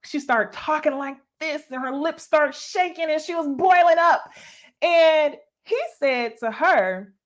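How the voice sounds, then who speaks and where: Chatting about a reality dating show as if with friends, a young woman delivers casual reaction commentary at an unhurried pace. Her voice sits a touch above usual pitch, and she laughs easily and is blunt and profane. She keeps throwing "okay?" and "y'all" at her viewers, addressing them directly.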